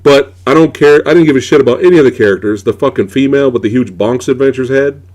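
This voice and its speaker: A man's voice: mid-range voice, fast talker, darkish tone. A man hosting a casual movie review chat, ranting in a profane, exasperated way. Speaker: podcast host.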